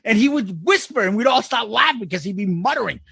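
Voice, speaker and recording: Gravelly, high-voiced animated man. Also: fairly quick, dry recording. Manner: animated storyteller, laughs a lot, profane. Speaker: podcast co-host. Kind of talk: casual podcast chat.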